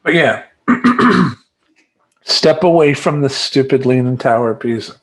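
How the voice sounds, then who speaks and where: A man coaching other men in a lively motivational talk, his pitch sitting in a middle register. He speaks with emphatic energy and drives his points home by repeating affirmations in a steady rhythm. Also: a little slow. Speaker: life coach. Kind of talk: motivational monologue.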